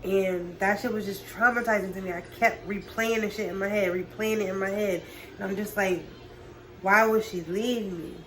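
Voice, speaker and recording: A woman's voice: medium pitch, steady tone, fairly quick, fairly bright tone, slight background noise, rough recording. Young woman swearing through a storytime vlog. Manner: casual, profane, talks to viewers as y'all. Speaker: vlogger.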